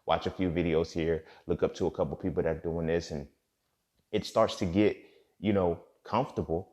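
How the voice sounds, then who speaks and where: A man's voice: deep voice, fairly even intonation, moderate pace, darkish tone. A man hosting a casual motivational monologue, talking in profane street slang and often asking "you feel me". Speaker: podcast host. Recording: dull lo-fi recording.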